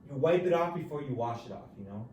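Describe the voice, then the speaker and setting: A man hosting a podcast in loose, casual chat, swearing freely and dropping "dude" into almost every phrase. His medium-pitched voice sits well back from the mic in a roomy, echoing space. A faint hiss of ambience runs under it. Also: lively intonation, fast, mellow, distant mic. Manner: laid-back and profane, says "dude" after nearly every phrase. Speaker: podcast host telling prison stories.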